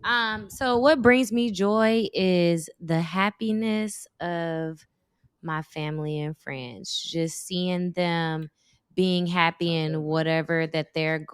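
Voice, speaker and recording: A woman's voice: fairly low pitch, takes it slowly, clean tone, no room sound, clean studio sound. A woman in her thirties, a guest in a casual chat, telling stories with lots of acted-out quotes. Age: 30s. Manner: animated storyteller, acts out quotes.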